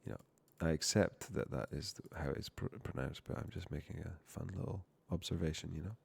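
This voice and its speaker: A low, husky voice, fairly quick and gravelly yet a little mellow, captured in a dry recording. The young man swears and rambles through casual stream chat while coding, frequently stopping mid-word.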